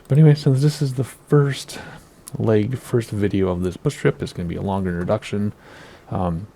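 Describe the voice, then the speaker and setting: A man in his thirties with a gravelly, fry-heavy voice, rambling his way through casual gameplay commentary. He talks in a relaxed, meandering way and wavers over pronunciations. His tone sits low and mellow. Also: a little hiss or hum. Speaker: flight sim video host.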